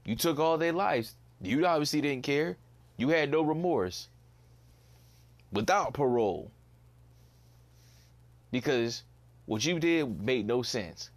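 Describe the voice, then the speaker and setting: A man's voice: mid-range voice, lively intonation, takes it slowly, pauses often. A young man hosting a casual solo podcast, ranting bluntly, swearing and repeating himself in disbelief. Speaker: podcast host.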